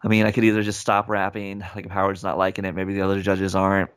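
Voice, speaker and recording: A man's voice: deep voice, fast talker, smooth. A young man, a rapper, telling a story in a casual interview and acting out the people in it. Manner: animated, acts out quoted voices. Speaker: guest, rapper and speaker.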